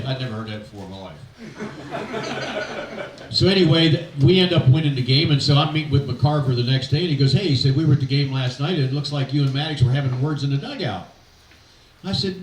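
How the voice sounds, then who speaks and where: An older man tells rambling, folksy baseball-life stories, pausing on fillers and acting out what others said. He sounds a bit distant from the mic, with hall reverb and a faint background hiss. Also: a little high. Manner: folksy anecdotes, quoting others in animated voices, halting fillers. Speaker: retired pitching coach telling stories. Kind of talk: after-dinner storytelling speech. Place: event hall.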